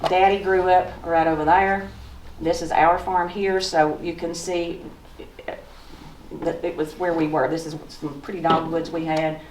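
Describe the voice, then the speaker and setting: Southern woman in her sixties, low voice, folksy storyteller, echoey room, heard from a distance. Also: level tone, measured pace, background noise. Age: 60s. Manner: folksy, storytelling, pointing at photos. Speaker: author giving a talk. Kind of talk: slideshow talk with personal memories. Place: museum lecture room.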